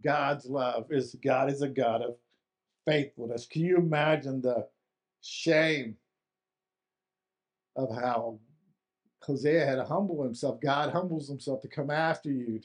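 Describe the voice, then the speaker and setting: A man's voice: medium pitch, measured pace, long pauses. A man preaching a sermon in a conversational way, repeating words for emphasis. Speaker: pastor.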